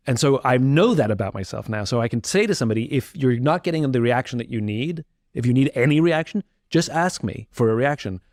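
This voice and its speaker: A man's voice: mid-range voice, lively intonation, fairly quick, a little mellow, dry recording. Candid reflective man, dry studio sound. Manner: reflective, candid, frequent restarts and fillers. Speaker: interview guest. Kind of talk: candid conversational interview.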